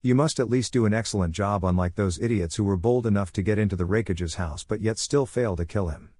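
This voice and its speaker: A man's voice: lowish voice, a little fast, a little mellow, no echo, natural voice. Man voicing a bitter old village leader. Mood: scornful. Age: older. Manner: curt, disdainful.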